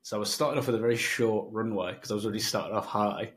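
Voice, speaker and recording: A confident man coaches on sales in a relaxed podcast chat and explains his points with playful examples. His voice sits a little low. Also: racing. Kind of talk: conversational teaching.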